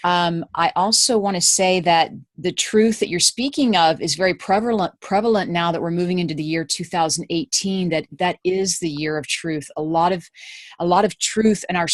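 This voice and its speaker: A woman's voice: lowish voice, moderate pace, dry recording. A woman on an online group call, speaking in an earnest, encouraging way. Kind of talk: casual talk. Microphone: video call.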